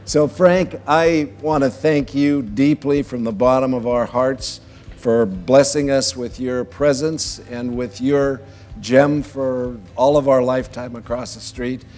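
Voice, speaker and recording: A man's voice: mid-range voice, steady tone, takes it slowly, darkish tone, faint music behind. A man interviewing and presenting an award, earnest and formal. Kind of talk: formal address.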